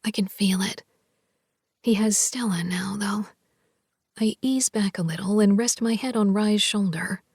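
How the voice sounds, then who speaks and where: A woman narrating a first-person romance audiobook in a soft, half-whispered, intimate delivery. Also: mid-range voice, unhurried, slightly rough, no room sound, clean studio sound.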